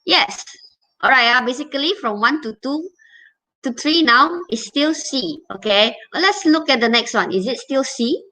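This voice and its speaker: Bright, high-voiced woman teaching English. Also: expressive, moderate pace, rough recording. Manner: explains patiently, checks in with "okay?" and "all right?". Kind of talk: online exam revision lesson.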